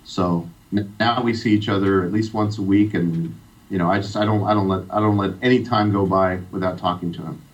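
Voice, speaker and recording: A man's voice: low-pitched, fairly even intonation, fairly quick. A middle-aged man from Iran telling a heartfelt personal story as a guest on a radio interview. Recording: distant, dull radio sound.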